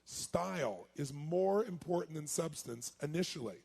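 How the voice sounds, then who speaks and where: A man giving a live seminar talk as a motivational speaker, energetic and quizzing his audience. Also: fairly high pitch, measured pace. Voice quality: raspy, gravelly.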